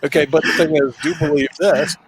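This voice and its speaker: A man's voice: fairly high pitch, steady tone, a little fast, background noise. A man hosting a casual online panel discussion, blunt and sarcastic, making jokes.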